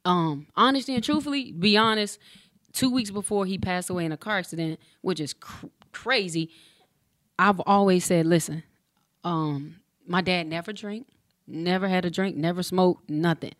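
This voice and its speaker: Woman in her 40s, ex-hoops player, tells stories all animated, does the voices, dry close sound. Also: lowish voice, moderate pace, no room sound. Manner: animated, acts out dialogue with slang. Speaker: former pro basketball player, guest. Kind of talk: casual storytelling.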